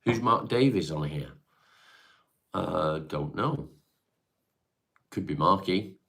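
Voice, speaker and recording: A man's voice: low-pitched, animated, takes it slowly, creaky, pushed and bright. A man hosting a casual live stream, reading out viewer comments and answering them in a laid-back way with the odd swear word.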